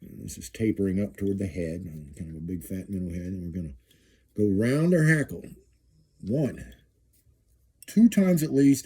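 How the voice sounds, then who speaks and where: A middle-aged man talks through a jig-tying demonstration in a relaxed, folksy way, often repeating his phrases as he works. His voice is very dark and mellow, with a husky edge. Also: on the low side. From eastern Kansas. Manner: folksy, chatty, repeats phrases while working. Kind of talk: casual how-to demonstration.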